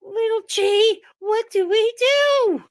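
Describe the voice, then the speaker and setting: A woman's voice: extremely high pitch, takes it slowly, dry recording, studio quality, full character voice. A woman voicing a panicky little toy that is easily frightened, squealing and fretful. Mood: scared.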